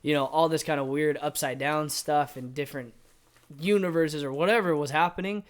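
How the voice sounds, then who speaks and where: A man's voice: on the high side, fairly even intonation, a little fast. A man co-hosting a casual movie review podcast, talking in an easygoing way with frequent "you know" and short agreements. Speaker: podcast co-host.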